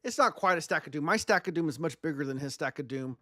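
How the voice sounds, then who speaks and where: A man's voice: on the high side, lively intonation, fast talker, sharp tone, no room sound, clean studio sound. A man streaming a strategy game live, chatting and joking with his viewers as he plays. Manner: chatty, joking, talks to chat.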